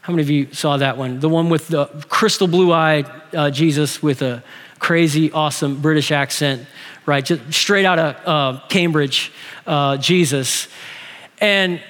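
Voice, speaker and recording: A man in his forties preaching from the pulpit, his voice sitting high for a man and carrying a long reverb through the sanctuary. He talks with humor, asks the congregation questions and keeps the tone lively. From Texas. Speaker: pastor. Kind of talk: sermon.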